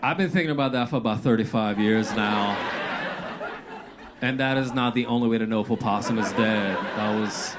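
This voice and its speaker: Low-voiced comic in his forties, deadpan, noisy live club sound. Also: normal speed, a crowd in the background. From Louisiana. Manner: deadpan, loose and rambling, with filler "uh"s and "like"s. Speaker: stand-up comedian. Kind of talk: stand-up set. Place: comedy club stage. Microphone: handheld stage mic.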